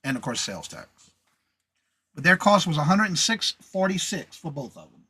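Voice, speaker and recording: A man's voice: a little high, big pitch swings, normal speed, bright, forceful tone, husky. A man hosting a casual live reseller show, chatting, reading viewer comments aloud and greeting viewers by name. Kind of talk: casual live-stream chat.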